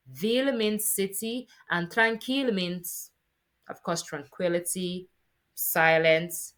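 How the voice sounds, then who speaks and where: A woman teaching French sounds in a patient, encouraging lesson, modelling each sound slowly. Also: medium pitch, bright, forceful tone. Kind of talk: spoken lesson on pronunciation.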